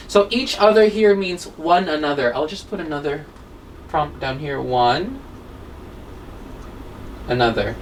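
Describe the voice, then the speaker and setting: A woman teaching an English grammar lesson, explaining step by step and asking rhetorical questions. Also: medium pitch. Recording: distant mic with faint background noise.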